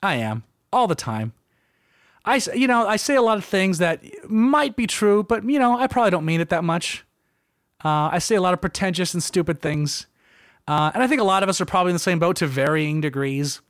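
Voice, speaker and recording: A man's voice: high-pitched, expressive, fairly quick, fairly bright tone, no room sound, studio quality. Rambling self-deprecating young man. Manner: rambling, self-deprecating, acts out quotes in a raised voice. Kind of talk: casual personal storytelling.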